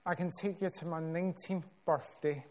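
A Scottish man preaching a sermon, telling a story with measured, dramatic pauses and building emphasis. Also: on the high side, steady tone, darkish tone.

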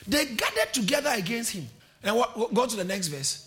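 A male pastor preaching a sermon, impassioned and often shouting, with call-and-response to the church. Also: very high-pitched, sing-song, a little fast, soft background music. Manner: quotes verses then explains them.

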